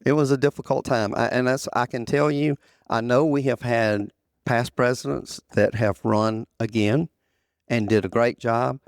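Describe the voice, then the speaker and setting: A man's voice: medium pitch, fairly even intonation, normal speed, clear, resonant tone, dry recording, clean studio sound. An older man, a former association president, telling a long story in an interview, often repeating phrases and quoting others. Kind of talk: storytelling in conversation.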